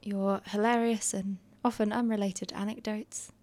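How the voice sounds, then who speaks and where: A woman's voice: mid-range voice, flat delivery, normal speed, darkish tone, slight background noise. A woman hosting a podcast who playfully teases a colleague as she introduces clips. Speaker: podcast host. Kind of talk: casual podcast chat.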